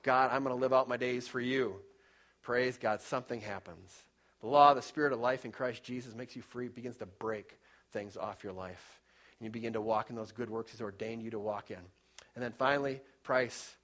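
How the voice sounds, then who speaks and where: A man preaching a sermon, telling a story with fervent, pleading emphasis, swinging between loud, high bursts and quiet, low passages. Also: normal speed. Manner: storytelling, rises and drops in loudness for emphasis.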